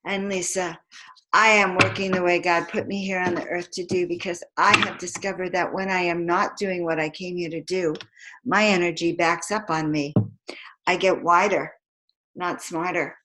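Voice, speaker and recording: A woman with a lowish voice, steady in tone and at a normal speed, gives a live motivational talk over background noise. She's a spiritual teacher and card reader who speaks emphatically, chants affirmations and calls out questions for her audience to answer.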